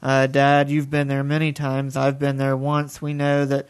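A young man speaking calmly and plainly, giving his thoughts in conversation. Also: mid-range voice, unhurried, clear, resonant tone. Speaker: guest, son of the preacher. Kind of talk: conversational reflection.

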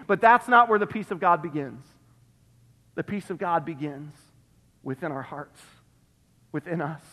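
A male pastor delivering an emphatic sermon, repeating phrases and dropping to a hush on key words, recorded in a church sanctuary. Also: high-pitched. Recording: long reverb of a church hall.

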